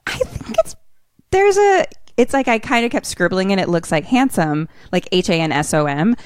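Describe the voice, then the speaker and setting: A woman co-hosting a podcast, retelling a movie in casual chat with animated storytelling and bursts of laughter. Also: mid-range voice, normal speed, smooth, no room sound, clean studio sound. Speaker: podcast co-host retelling a film.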